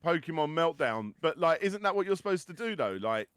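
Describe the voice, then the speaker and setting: A man's voice: fairly high pitch, big pitch swings, fairly quick, a bit bright, clean tone, no echo. Stammering dry-witted man. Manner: stammering restarts, dry joking. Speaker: podcast host. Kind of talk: casual chat.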